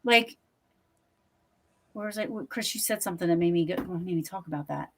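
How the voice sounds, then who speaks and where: A woman who investigates the paranormal, telling stories in an animated way and acting out quotes in a casual podcast chat. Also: on the low side, moderate pace.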